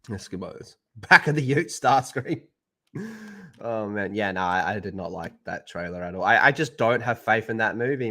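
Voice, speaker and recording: A man's voice: medium pitch, sharp tone. An Australian man hosting a live stream, talking in a crude, joking way and swearing often. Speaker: streamer host. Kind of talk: casual live-stream chat.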